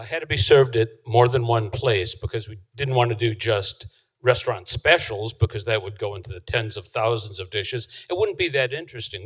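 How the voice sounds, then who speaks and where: A man from Chicago co-presenting his book at a live event, measured and dryly humorous. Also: medium pitch, fairly bright tone, poor audio. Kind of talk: live book talk to an audience.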